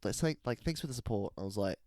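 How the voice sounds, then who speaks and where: A man's voice: lowish voice, lively intonation, quick pace, dark tone, no room sound, clean studio sound. A young man co-hosting a podcast, telling stories in a laid-back, swearing manner. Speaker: podcast co-host. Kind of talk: casual chat.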